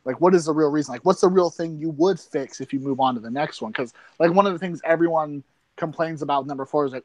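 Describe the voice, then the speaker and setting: A young man guests on a podcast, chatting casually about films in an easygoing, hesitant way with many fillers and restarts. His voice is on the high side and fast, in a dry recording.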